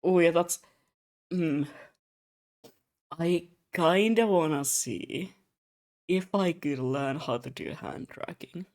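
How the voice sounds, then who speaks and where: Slow and mid-range, with long pauses, a young adult streamer chats casually while drawing. The storytelling is animated and meandering, heavy on fillers and asides, and broken up by frequent laughs.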